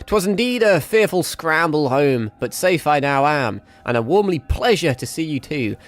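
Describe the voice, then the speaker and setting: A man's voice: a little high, lively intonation, moderate pace, voice pushed up, natural voice. A young man reading the lines of a courtly, old-fashioned male bug craftsman from a game, in formal archaic speech.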